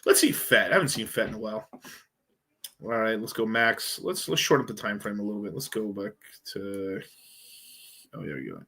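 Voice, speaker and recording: A man's voice: fairly low pitch, lively intonation, normal speed, creaky, long pauses, bright, forceful tone, husky. A man hosting a crypto livestream, chatting casually and profanely as he rambles through charts. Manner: profane, rambling, thinking aloud. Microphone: streaming setup mic.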